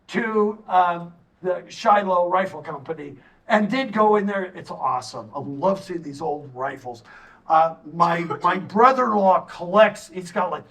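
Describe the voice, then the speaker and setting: Animated man presenting on a stage, distant mic. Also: sits high. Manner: animated, storytelling, jokey asides. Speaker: tourism consultant giving a community assessment. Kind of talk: public presentation to a town audience. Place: stage in a hall.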